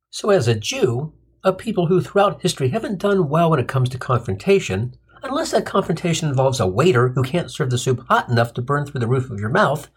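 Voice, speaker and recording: A man's voice: on the high side, breathy edge. A man hosting a comic storytelling podcast, telling a sardonic, rambling monologue full of tangents and crude punchlines.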